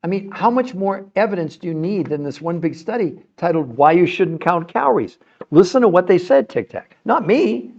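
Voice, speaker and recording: A middle-aged man hosts a health show on a livestream, answering viewer comments with passion and arguing his point emphatically, repeating words and restarting when he gets fired up. His voice is high and dark-toned with big pitch swings at a normal speed, and the highs are cut off.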